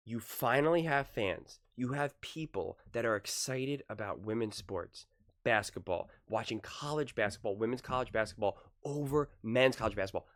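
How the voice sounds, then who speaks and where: A man's voice: mid-range voice, fairly bright tone. A young man hosting solo sports commentary, rambling and exasperated, repeating "like" a lot as he talks.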